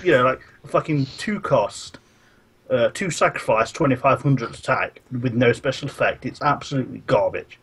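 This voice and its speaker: A young man rants about games on a casual podcast, animated and full of swearing. His voice is a little husky. He speaks in a middle register. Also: mid-range voice, moderate pace. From United Kingdom. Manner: animated, ranting, profane. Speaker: podcast co-host. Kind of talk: casual gaming chat.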